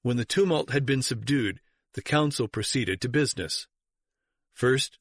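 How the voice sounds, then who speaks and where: A man narrates an audiobook in a steady, measured reading voice of middling pitch. The sound is close and dry, with no room around it. He raises and slows his delivery for the quoted outbursts. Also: no echo. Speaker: reader. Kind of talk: audiobook narration of church history.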